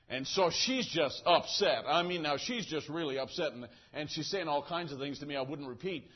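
A male pastor preaching, telling a story with animated acting and gestures. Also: a little high, moderate pace, few pauses, slightly rough. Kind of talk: sermon with a story. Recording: dull lo-fi recording.

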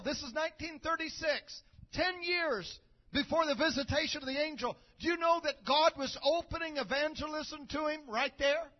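Preacher man telling a story in his sermon, really high voice, gets loud and shouty, muffled lo-fi recording. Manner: builds from quiet telling to shouted praise.

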